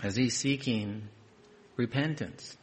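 A man preaching a sermon, reading scripture aloud and adding conversational, quietly emphatic asides. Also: mid-range voice, slow, a little hiss or hum.

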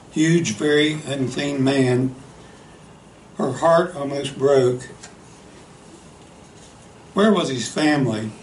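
A man preaching a sermon, telling a story in an earnest, unhurried way and often saying "you know". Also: mid-range voice, slight background noise. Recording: echoey hall, faint ambience.

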